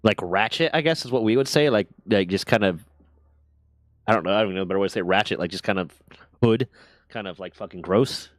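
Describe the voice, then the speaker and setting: A man's voice: lowish voice, a little fast, no echo, studio quality. A young American man from Pennsylvania, streaming casual chat, rambling and swearing freely as he makes his points. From Pennsylvania, USA. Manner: profane, rambling, emphatic.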